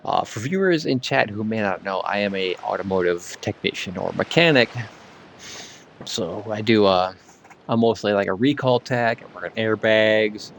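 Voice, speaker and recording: A man's voice: on the low side, moderate pace, gravelly, a little hiss or hum. A man streaming while gaming, chatting in a rambling way and slightly slurring his words. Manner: rambling, full of "like" fillers. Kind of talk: casual live-stream chat while gaming.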